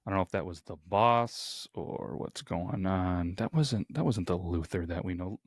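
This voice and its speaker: A man hosting a podcast, talking in an excitable, rambling and self-aware way. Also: deep voice, moderate pace, dry recording, studio quality. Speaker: podcast host. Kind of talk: casual podcast chat.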